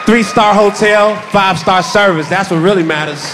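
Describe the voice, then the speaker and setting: A man's voice: high-pitched, normal speed, crowd noise, noisy background. A man doing a stand-up set, telling brash, boastful stories. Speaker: stand-up comedian.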